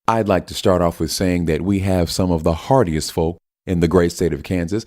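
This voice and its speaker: A man's voice: low voice, steady tone, normal speed, a little mellow, lightly acted. A man voicing a folksy, blustering male senator.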